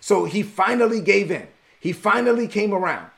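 Folksy preacher guy, high-ish gravelly voice, talks right at you. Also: moderate pace. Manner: folksy, animated, talks straight to listeners. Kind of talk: conversational sermon.

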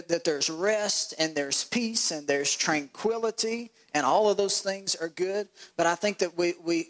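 A male pastor preaching a sermon, animated and acting out voices with laughs. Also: fairly high pitch, poor audio.

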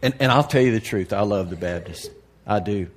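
A man preaching to a congregation in a candid, folksy way, dropping to a hush and then rising to loud emphasis. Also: on the low side, brisk. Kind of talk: sermon.

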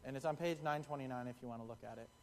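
Racing along in a mid-range, darkish voice, a young preacher gives a relaxed, chatty sermon. He acts out the quotes and voices of the people in his stories.

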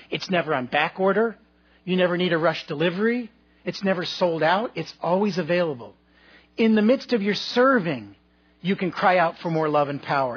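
A man preaches to his congregation in a relaxed, storytelling way, joking at his own expense between points. His voice sits high and a little husky. The recording sounds muffled and lo-fi. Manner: conversational and humorous, with asides to the congregation. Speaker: pastor. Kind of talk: sermon with personal storytelling.

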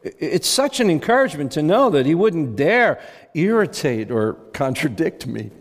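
A man's voice: on the high side, sing-song, normal speed, big-room sound, pitched above the performer's own voice. Male preacher as a sweetly smug, self-assured woman.

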